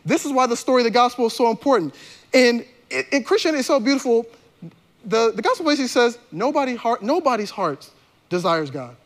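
A male pastor delivering a sermon in a relaxed, conversational style, with slangy turns of phrase. His voice sits high for a man, and he often restarts his sentences mid-thought. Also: quick pace.

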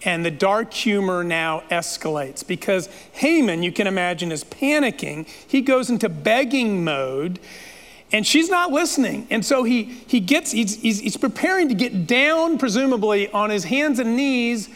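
Man, preacher, high voice, dramatic playful storytelling, long hall reverb. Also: animated, moderate pace, fairly bright tone. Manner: dramatic, playful retelling with asides. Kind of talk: sermon storytelling.

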